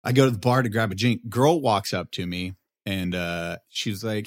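Lively storytelling man with a low voice. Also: normal speed. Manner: animated, acts out quotes in a raised voice, swears, laughs often. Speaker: podcast co-host telling a story. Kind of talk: casual storytelling chat.

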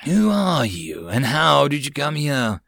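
A man voicing a stern but soft-spoken female elf who questions slowly. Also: fairly high pitch, very animated, gravelly, no echo, clean studio sound, heavily acted. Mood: soft, commanding.

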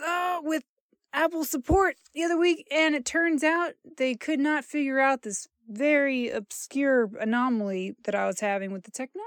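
A woman's voice: high-pitched, normal speed, dry recording, clean studio sound. Joking woman with a sore jaw. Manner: self-deprecating, jokey, trailing asides. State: struggling to open her mouth. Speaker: podcast host reading credits. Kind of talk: casual, rambling credits read.

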